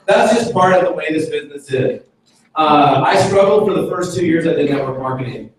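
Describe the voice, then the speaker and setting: Guy giving a pep talk in a big echoey room, heard from a distance, slightly higher voice. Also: brisk. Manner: energetic, joking storytelling to an audience. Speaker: motivational speaker. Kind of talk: live motivational talk. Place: event room with an audience. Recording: echoey hall from far off, faint noise.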